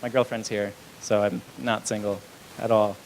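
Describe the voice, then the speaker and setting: A man's voice: fairly low pitch, flat delivery, normal speed, noisy background. Rambling young male stand-up comic. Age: young adult. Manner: rambling, self-deprecating, many fillers. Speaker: stand-up comedian. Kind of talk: live stand-up set. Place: small comedy club, live.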